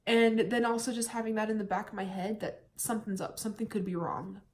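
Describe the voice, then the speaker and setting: A woman's voice: medium pitch, steady tone, fast talker, darkish tone. A young woman from the United States telling her own story in a candid, chatty vlog, at times holding back tears. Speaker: vlogger.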